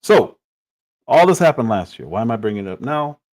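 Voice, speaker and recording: A man's voice: mid-range voice, sing-song, a little fast, a little mellow. Exasperated man commenting on clips. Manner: critical, exasperated, incredulous.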